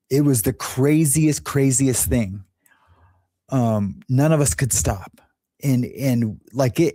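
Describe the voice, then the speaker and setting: Medium-pitched and mellow, the show host's voice is recorded dry at studio quality. The LA man wanders through a frank, rambling story in a relaxed monologue, chuckling at his own jokes.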